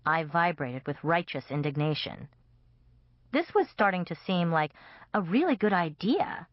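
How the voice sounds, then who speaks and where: Slow, wry woman audiobook narrator. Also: on the low side, sing-song, dry recording. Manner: wry, comic first-person storytelling. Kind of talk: first-person scripted narration. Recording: dull, dry audiobook recording.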